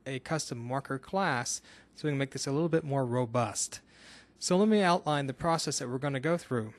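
A man from Northern Kentucky in the US, explaining a screencast coding tutorial step by step in a casual way. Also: on the high side. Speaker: instructor.

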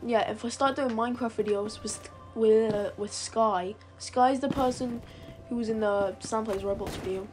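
A woman who runs a gaming channel gives casual, rambling gameplay commentary, often correcting herself. Her voice is a little high and steady at normal speed, heard over music and noisy game audio full of gunfire and clicks.

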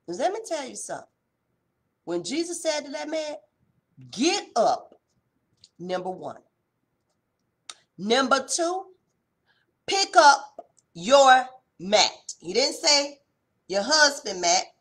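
A woman preaching a short devotional, her voice fairly high and husky. She moves between fervent, emphatic declarations and low, intense asides, speaking in a plain, folksy way. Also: very animated, slow, long pauses. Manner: passionate, swings between loud exhortation and hushed intensity; colloquial, uses folksy address.

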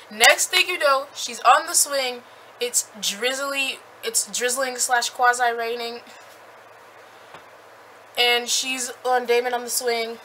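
A young woman recapping a book in a chatty, animated way with lots of fillers. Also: fairly high pitch, slight background noise, low-quality recording. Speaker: book reviewer.

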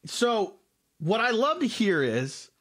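A man's voice: high voice, sing-song, takes it slowly, fairly bright tone, no echo, studio quality. A man hosting a casual interview, recapping points and steering the conversation. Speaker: interview host.

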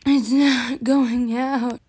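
A woman's voice: high voice, little pitch movement, very slow, a little mellow, breathy edge, heavily acted. A woman voicing a flustered young woman fighting a house fire in a game role-play skit, with many exclamations.

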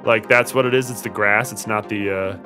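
A man's voice: lowish voice, fairly even intonation, brisk, over music. A man commentating on his video game playthrough, rambling and exasperated, pleading with the game characters. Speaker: let's play host.

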